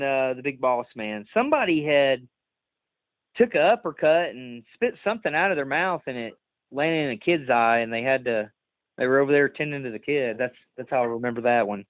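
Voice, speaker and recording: A man's voice: medium pitch, brisk, no echo. A man hosting a podcast, telling stories in a casual chat and laughing often. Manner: laughing, animated storytelling. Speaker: podcast host. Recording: tinny phone-like sound.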